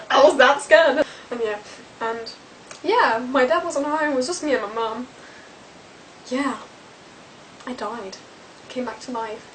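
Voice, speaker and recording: A woman's voice: sits high, far from the mic, a little hiss or hum, rough recording. A woman, chatting to camera as a vlogger, rambling with lots of fillers.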